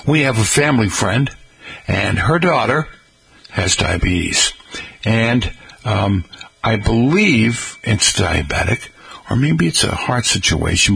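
Folksy gravelly New radio man. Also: on the low side, fairly bright tone, low-quality recording. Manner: folksy, rambling, addresses listeners as folks. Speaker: radio host. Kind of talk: casual radio chat.

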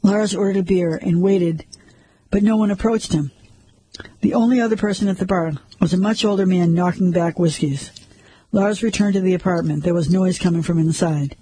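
A man narrating a crime story like an audiobook, measured and suspenseful. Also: high-pitched, mellow, husky, no echo, poor audio.

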